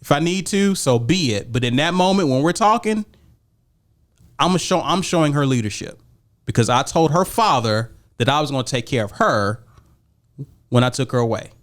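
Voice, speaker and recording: A man's voice: a little high, expressive, moderate pace. A middle-aged married man co-hosting a podcast, arguing emphatically and acting out quoted conversations in a casual debate. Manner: emphatic, acts out quoted dialogue. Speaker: podcast co-host.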